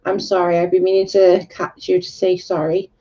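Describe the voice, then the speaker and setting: A woman's voice: lowish voice, completely flat delivery, normal speed, warm tone, slight background noise. A woman chatting casually on a livestream, answering viewer comments in a blunt, candid, sweary way. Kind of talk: casual chat. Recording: dull lo-fi recording.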